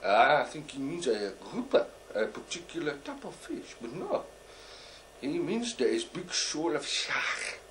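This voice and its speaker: A man playing a bumbling, boastful male deep sea diver who tells a comic story in halting, broken English, rambling and full of fillers. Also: sing-song, a bit bright, a little hiss or hum. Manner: rambling, full of "uh" and "you know". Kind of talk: character stand-up monologue.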